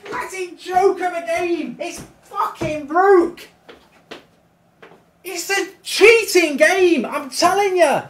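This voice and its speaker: A man rants and swears through live commentary on a football video game. His voice sits very high and strained, and he drags his words out slowly. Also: expressive, fairly bright tone. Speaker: football gaming streamer.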